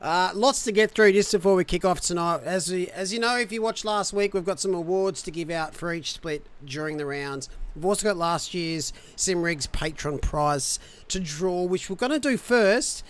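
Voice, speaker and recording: A man's voice: high voice, moderate pace, few pauses, smooth. A man hosting a sim racing livestream, upbeat and jokey, full of casual slang. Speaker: race broadcast host. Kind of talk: livestream race show hosting.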